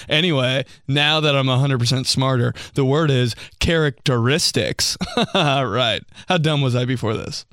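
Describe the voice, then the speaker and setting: A man's voice: medium pitch, measured pace, a bit bright, dry recording, clean studio sound. A man hosting a comedy show, reading out listener stories in a casual, joking way. He laughs often and slips into mocking voices.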